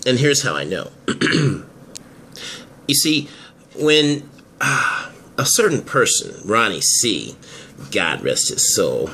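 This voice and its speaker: Guy voicing a smug schemer, slow drawl, chuckles a lot, bright voice, soft hum behind. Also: medium pitch, very animated, full character voice. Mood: gloating. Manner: slow and gloating, chuckles between lines. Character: smug scheming man, calm and menacing. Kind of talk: hobby audio drama acting.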